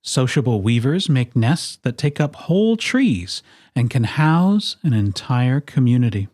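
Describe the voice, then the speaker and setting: A storyteller reads a children's picture book aloud at an unhurried pace. The voice rises and falls in a lively way and puts playful emphasis on each item in a list. The sound is dry and close. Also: mid-range voice, no echo. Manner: expressive, playful emphasis on lists.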